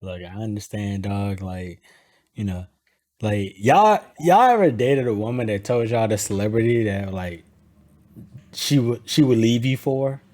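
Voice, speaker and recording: A man hosting a casual chat, talking in animated, slangy banter full of swearing. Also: on the low side, a little slow. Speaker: host.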